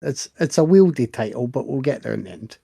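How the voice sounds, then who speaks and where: A man's voice: mid-range voice, expressive, fairly quick, vocal fry, mellow, breathy edge. A middle-aged man co-hosting a podcast, telling stories in a wry, chatty way. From Britain. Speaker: podcast co-host. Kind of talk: casual chat.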